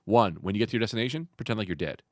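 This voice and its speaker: A man's voice: lowish voice, racing, dry recording, clean studio sound. A man co-hosting a comedy podcast, telling stories in a casual chat and acting out the lines. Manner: animated storytelling, acts out lines.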